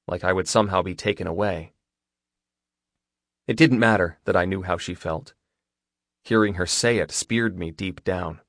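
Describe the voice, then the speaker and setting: A man narrating a first-person romance novel in a steady, intimate storytelling manner. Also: low-pitched, no room sound, studio quality. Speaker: audiobook narrator.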